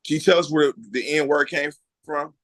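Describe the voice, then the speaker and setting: A man hosting a podcast, asking blunt, quick questions in a casual chat. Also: on the high side, fairly bright tone, no echo. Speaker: podcast host. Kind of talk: casual interview.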